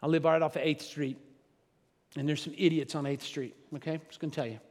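A middle-aged man preaching a sermon in a conversational style, dropping to a hush and then building loud, with teasing asides to the congregation. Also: on the high side, steady tone, quick pace. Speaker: pastor. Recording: long hall reverb.

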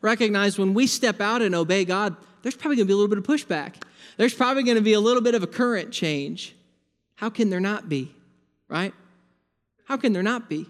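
A man's voice: sits high, a little fast. A man preaching a sermon as pastor, conversational and building emphasis through repeated phrases. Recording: long reverb of a large hall.

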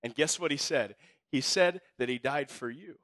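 Male pastor, mid-pitched, dry sound, lively slangy sermon storyteller. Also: normal speed, dry recording. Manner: animated storyteller, swings from hushed to loud; casual, slangy speech.

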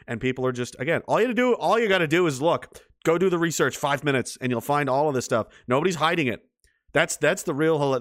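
A man's voice: mid-range voice, no room sound, clean studio sound. A man ranting sarcastically and swearing freely, reading and answering his chat in a livestream.

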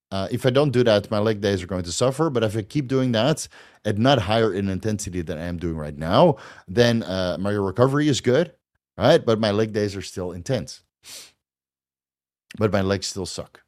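A man's voice: on the low side, a little mellow. A man hosting a viewer Q&A, talking bluntly and rambling, with frequent fillers, restarts and swearing. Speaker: host answering viewer questions. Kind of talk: casual Q&A monologue.

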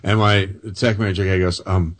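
Low-voiced enthusiastic male host. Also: level tone, moderate pace. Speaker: podcast host.

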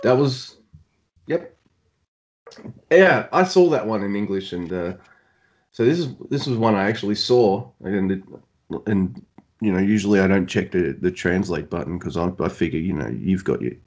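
Rambling Australian man, low and lively. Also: normal speed, pauses often. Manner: rambling, joking, self-deprecating. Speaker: podcast co-host. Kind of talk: casual chat.

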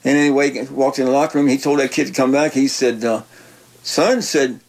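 An older man, a retired football coach telling stories in a halting, folksy way, often repeating words. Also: mid-range voice, little pitch movement, creaky, a little mellow, low-quality recording. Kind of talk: casual interview chat.

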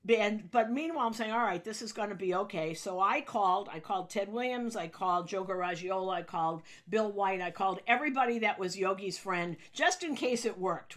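During an interview, a woman who works as a sports broadcaster tells an anecdote, acting out its quotes with sudden loud, high bursts.

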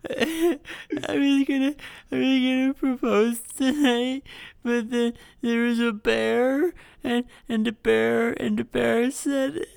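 A man's voice: very high voice, steady tone, takes it slowly, creaky, clear, resonant tone, no echo, voice pushed up, heavily acted. A man voicing a flustered young man who stammers through a proposal in a whiny, raised voice.

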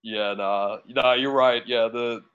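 A man's voice: medium pitch, fairly even intonation, slow, a bit bright, clean tone. An Australian man talking casually as a podcast guest, laid-back, swearing and hedging with lots of fillers. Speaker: guest, dating profile coach. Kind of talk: casual chat. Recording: dull lo-fi sound.

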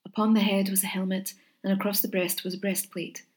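A woman narrating an old legend in a measured, gentle storytelling manner with expressive pauses. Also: medium pitch.

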